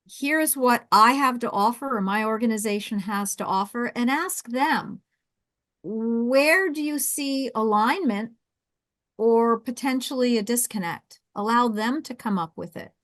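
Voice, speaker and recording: A woman with a South Jersey accent hosting a webinar, coaching with lively restarts and repeated words. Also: fairly high pitch, a little slow, no echo. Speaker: webinar host and intercultural coach.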